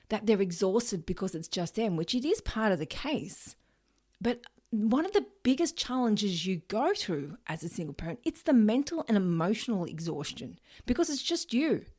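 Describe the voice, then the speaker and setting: A woman with an Australian accent hosts a solo podcast in a medium-pitched, slightly mellow voice. She's earnest and direct, swears casually now and then, and acts out everyday phrases.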